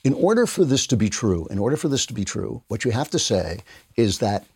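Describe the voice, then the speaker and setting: A middle-aged man holds forth on his podcast in a sarcastic commentary monologue, his pitch swinging widely as he mocks the other side. His voice is slightly husky, and the studio sound is close and dry. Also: big pitch swings, brisk, dark tone, no echo. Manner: sarcastic, mocking quotes of opponents. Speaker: podcast host.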